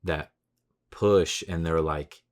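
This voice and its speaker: A man in his thirties with a low, deep voice, hosting a solo podcast in a loose, rambling way. He swears freely, talks in slang, and gets loud and worked up when he rants. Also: fairly even intonation, slow. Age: 30s. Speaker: podcast host. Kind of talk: casual solo podcast monologue.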